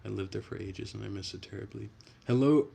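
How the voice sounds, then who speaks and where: Low gravelly dude rambling on a livestream, swears a lot, keeps restarting sentences. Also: male voice, completely flat delivery, fast, a little mellow. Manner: rambling, profane, frequent restarts. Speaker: livestreamer chatting with viewers. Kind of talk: casual livestream chat.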